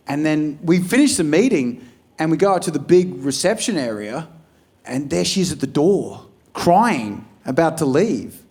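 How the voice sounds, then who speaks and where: Swearing Australian stand-up comedian. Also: male voice, on the high side, lively intonation, measured pace, darkish tone. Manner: loose, swearing storyteller acting out scenes. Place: comedy club stage. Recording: live room with a laughing crowd.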